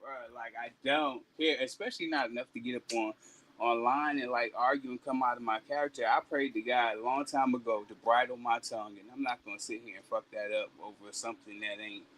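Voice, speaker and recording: A man in casual chat on a talk stream, telling a story bluntly with plenty of swearing and animated delivery. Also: medium pitch, brisk, a little hiss or hum, rough recording.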